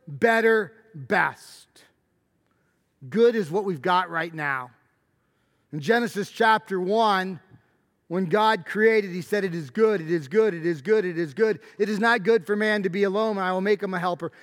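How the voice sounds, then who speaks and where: High-voiced preacher in a reverberant hall. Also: male voice. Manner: emphatic preaching, rising to shouted stresses. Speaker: pastor. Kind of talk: sermon.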